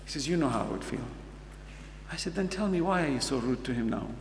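Gravelly-voiced man telling a story in a sermon. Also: medium pitch, lively intonation, fast. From United States. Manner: earnest storyteller, acts out dialogue, asks the audience questions. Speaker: Muslim speaker. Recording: echoey hall with faint hum.

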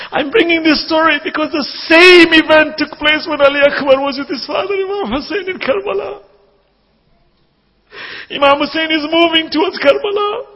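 A man preaching an impassioned sermon, slowing down and rising to shouts at its peaks, with a husky voice. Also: very high voice. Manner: impassioned, slows and rises to shouts at climaxes. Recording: dull, echoey hall recording.

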